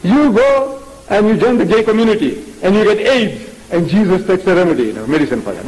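A man giving a religious lecture as an Islamic preacher, firing off rhetorical questions in an animated way. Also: high-pitched, brisk, low-quality recording.

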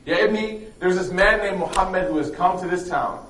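A man's voice: high-pitched, a little fast, a bit bright, slight background noise, pitched above the performer's own voice. A man voicing a bitter old woman who rants complaints, heard in an echoey room from a distant mic. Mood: bitter ranting. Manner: ranting complaints.

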